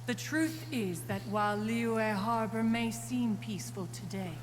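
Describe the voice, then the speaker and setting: A woman's voice: fairly high pitch, measured pace, faint music behind, lightly acted. An actress voicing a haughty female crane spirit in a video game, speaking formally and aloofly. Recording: game audio with reverb and noise.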